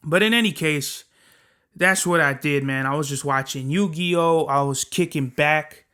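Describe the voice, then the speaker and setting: A man's voice: on the high side, a little slow, pushed and bright, clear, resonant tone. A young man hosting a solo podcast, talking in a profane, rambling, slangy way. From Southern California. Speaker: podcast host. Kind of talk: casual solo podcast monologue.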